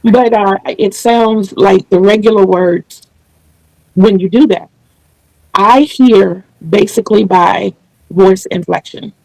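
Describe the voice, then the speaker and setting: A woman hosting a relaxed online interview, her voice carrying a gravelly fry. She talks earnestly and at length, restarting now and then. The sound is dry and close, with no room echo. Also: medium pitch, slow. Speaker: channel host interviewing a guest. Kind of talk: casual video interview chat.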